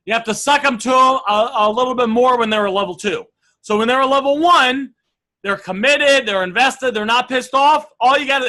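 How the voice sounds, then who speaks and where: A man coaching a training group through a live online session, energetic and reading out sample messages. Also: extremely high pitch, normal speed, low-quality recording.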